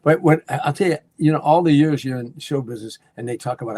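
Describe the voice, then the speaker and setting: A man's voice: medium pitch, fast, hardly any pauses, a little mellow, breathy edge. An older man, a guest comedian, telling show-business stories and acting out what people said. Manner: storyteller who acts out quoted lines. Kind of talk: casual anecdote telling.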